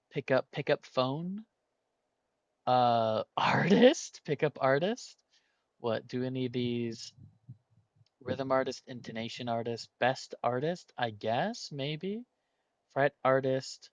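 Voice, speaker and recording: A man's voice: mid-range voice, animated, slow pace, long pauses, no room sound, muffled recording. A man thinking aloud while solving a word puzzle, hesitating and weighing each option as he goes.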